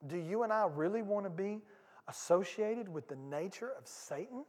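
Male pastor, high-pitched, conversational sermon delivery, repeats lines for emphasis; long sanctuary reverb. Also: expressive, normal speed. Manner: conversational preaching, swinging from loud bursts to hushed asides; repeats and restarts phrases for emphasis. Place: church sanctuary.

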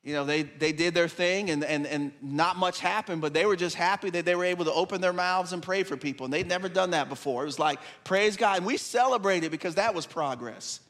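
A man preaching a sermon, telling a lively story and voicing the people in it, then dropping to soft, hushed tones for his appeal. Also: high-pitched, a little fast, hardly any pauses. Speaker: pastor.

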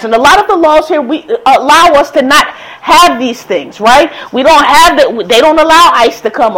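A woman's voice: high voice, rough recording. A woman delivering a blunt, profane, exasperated opinion monologue as a political commentator.

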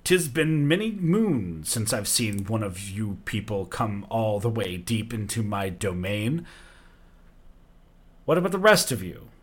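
A man's voice: fairly low pitch, animated, measured pace, breathy edge. A man voicing a huge, proud male fire giant king who speaks grandly and theatrically. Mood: grand, amused.

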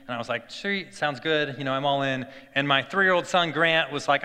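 Bright-voiced man telling a story in a hall. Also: a little high, brisk, hardly any pauses, smooth. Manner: conversational storytelling with many fillers and restarts. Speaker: speaker giving a devotional talk. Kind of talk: sermon-style personal story. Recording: long hall reverb.

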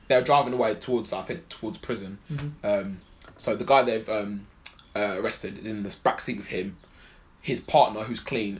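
A man co-hosting a podcast, chatting casually and animatedly about a film, rambling and swearing often. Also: fairly low pitch. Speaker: podcast co-host. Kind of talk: casual film review chat.

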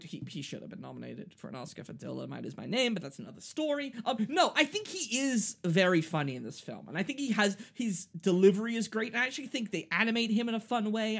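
This podcast co-host has a high-pitched male voice with vocal fry. He chats casually about a film, rambling, laughing often, and poking fun at himself.

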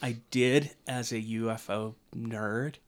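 A man in casual podcast chat, unhurried and meandering. He trails off and restarts with frequent hesitations, his voice sitting at an ordinary pitch. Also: fairly even intonation. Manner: rambling, hesitant with many ums. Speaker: podcast co-host.

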